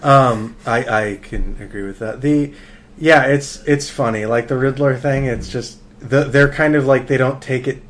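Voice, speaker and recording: A man hosting a casual podcast chat, talking haltingly with many fillers and restarts. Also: mid-range voice, fairly even intonation. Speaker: podcast host.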